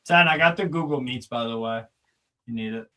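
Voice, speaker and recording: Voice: mid-range voice, a little fast, bright, forceful tone. A co-host of a live football watchalong stream, reacting in short bursts and calling out player names. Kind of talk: live match watchalong commentary.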